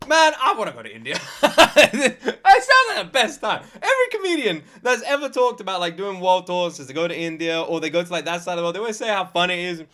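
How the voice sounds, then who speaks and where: A man's voice: high voice, fast, hardly any pauses. A British man hosting a reaction video, joking and laughing as he comments. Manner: excitable, joking, laughs a lot.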